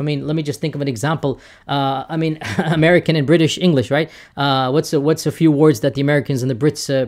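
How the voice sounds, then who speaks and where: A man's voice: a little high, a little mellow. A man who is an Islamic scholar, giving an emphatic, defensive video statement with repeated phrases. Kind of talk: lecture-style video statement.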